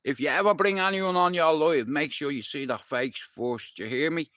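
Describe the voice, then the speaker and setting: A man's voice: fairly high pitch, moderate pace, a bit bright, no echo. A man telling a personal story on a casual live stream, blunt and heavily profane, talking straight to a listener. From Dublin, Ireland.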